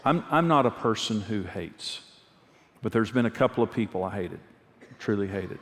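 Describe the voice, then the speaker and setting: A man's voice: fairly low pitch, animated, moderate pace, fairly bright tone. Middle-aged guy preaching, earnest, repeats himself for emphasis, big hall reverb. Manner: earnest, candid storytelling, repeats phrases for emphasis. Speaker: pastor and marriage teacher. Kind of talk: sermon with personal stories.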